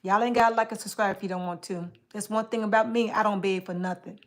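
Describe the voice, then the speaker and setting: A fast-talking livestream host with a steady, mid-range voice banters loosely with her viewers. She teases individuals by name and leans on repeated phrases for emphasis.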